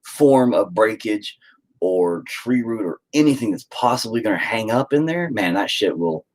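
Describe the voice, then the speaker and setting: Husky low-voiced dad on a live stream, swears a lot, rambles, voice jumps all over. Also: male voice, normal speed. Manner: profane, rambling, animated with mock voices. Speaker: livestreamer and father. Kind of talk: casual live-stream rant.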